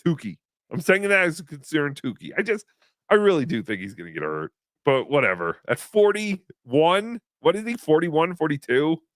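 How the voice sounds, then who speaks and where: A man's voice: on the high side, very animated, normal speed, no room sound, clean studio sound. Joking, rambling male stream host. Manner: rambling, joking, self-deprecating. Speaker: livestream host reading chat donations. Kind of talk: casual livestream chat.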